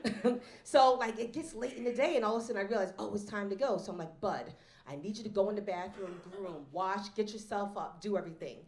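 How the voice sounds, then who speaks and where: Animated woman doing stand-up in an echoey hall. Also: medium pitch, brisk. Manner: animated storytelling, acts out voices. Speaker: stand-up comedian. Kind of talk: stand-up comedy set. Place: event hall with live audience. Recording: roomy hall echo.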